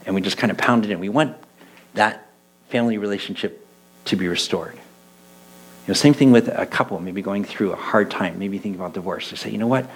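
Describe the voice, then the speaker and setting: Husky-voiced preacher with mains hum. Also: male voice, on the low side, brisk, rough recording. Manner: animated storytelling, voicing quoted people. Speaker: church elder preaching. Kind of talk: conversational sermon.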